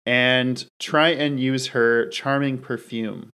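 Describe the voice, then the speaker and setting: A man's voice: medium pitch, steady tone, slow, sharp tone, clean tone. Hesitant, chatty male player. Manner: hesitant, chatty, laughs often. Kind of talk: tabletop role-play.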